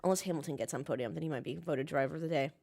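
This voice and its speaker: A woman's voice: low voice, rapid-fire, vocal fry, mellow. A young woman casually chatting on a livestream, reading chat comments and ranting with the odd swear word. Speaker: livestream host watching a race with chat. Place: home, in Melbourne.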